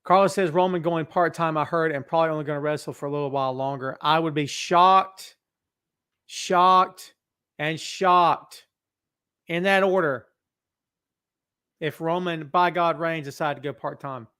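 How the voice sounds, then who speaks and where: A man's voice: on the high side, fairly even intonation, a little fast, a bit bright, smooth. A man hosting a live wrestling talk show from his office on a podcast mic, joking around and reading viewer comments aloud. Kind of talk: live-stream chat with viewers. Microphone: podcast microphone setup.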